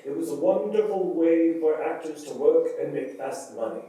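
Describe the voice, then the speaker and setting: An actor playing a calm attendant who explains things in a measured, announcer-like way in a stage play. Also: male voice, a little high, a little hiss or hum, close to an everyday voice. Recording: echoey stage from far off.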